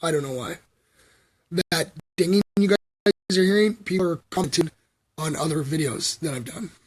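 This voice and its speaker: A man from Canada talks to his livestream viewers in a loose, meandering way, full of ums and likes. His voice is a bit husky and sits slightly high for a man. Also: normal speed. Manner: filler-heavy, meandering, frequent ums and likes. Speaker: livestream host. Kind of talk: rambling livestream storytelling.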